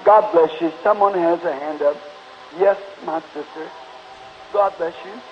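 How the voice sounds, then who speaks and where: A man's voice: fairly high pitch, a little slow. A man preaching an altar call and closing in prayer, pleading fervently with the congregation at a church meeting. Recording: dull lo-fi 1950s tape, faint hiss.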